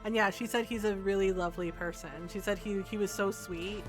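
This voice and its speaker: A woman's voice: mid-range voice, fairly even intonation, fairly quick, faint music behind. A woman game streamer chatting casually while she plays, telling stories and laughing often. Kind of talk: casual chat while playing.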